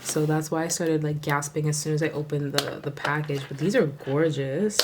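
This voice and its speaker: A woman with a Southern US accent chatting casually through a haul video, full of fillers and sudden gasping excitement. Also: sits low, moderate pace, hardly any pauses, background noise. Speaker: nail vlogger.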